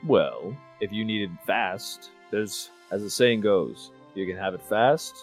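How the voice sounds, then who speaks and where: A man's voice: lowish voice, animated, unhurried, soft background music. A man voicing a curious, formal young male adventurer in a tabletop game, speaking in stiff, old-fashioned phrasing. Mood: earnest.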